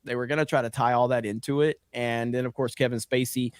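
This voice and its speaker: A man's voice: medium pitch, fairly even intonation, fast talker, smooth, no echo, studio quality. A man hosting a casual podcast chat, blunt and rambling, with a profane, opinionated way of talking.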